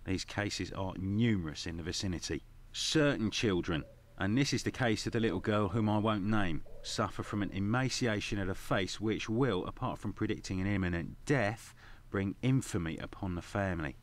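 A man playing a grave, low-voiced Victorian doctor. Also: moderate pace, lightly acted. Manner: grave, lecturing. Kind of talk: video game voice acting.

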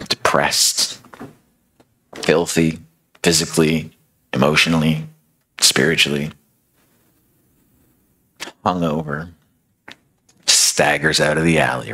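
A man's voice: a bass voice, takes it slowly, creaky, long pauses, bright, forceful tone, slightly rough. A male preacher retelling a story in a sermon, conversational and dramatic, with casual fillers.

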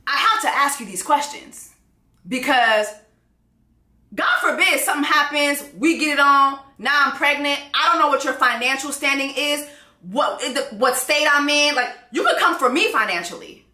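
A woman's voice: sits high, echoey room. A woman hosting a casual commentary vlog, telling a personal dating story and acting out the back-and-forth in quoted lines. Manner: animated storytelling, acts out quoted exchanges. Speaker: host.

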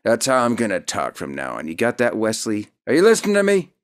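A man's voice: fairly low pitch, huge pitch swings, fast talker, smooth. A man doing a brash male Brooklyn tough guy with a put-on Brooklyn accent, pushy and confrontational.

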